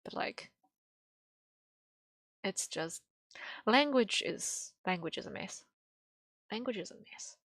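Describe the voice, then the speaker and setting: A woman's voice: medium pitch, expressive, slow pace, long pauses, a bit bright, dry recording. A young woman streaming while she draws, rambling casually with lots of fillers and small laughs. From English-speaking. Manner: rambling, thinking aloud with many fillers and laughs.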